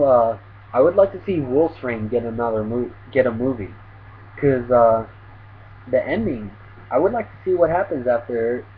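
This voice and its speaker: A man's voice: medium pitch, narrow, tinny audio, slight background noise. A man casually chatting through an anime tag video as a vlogger, rambling with lots of fillers.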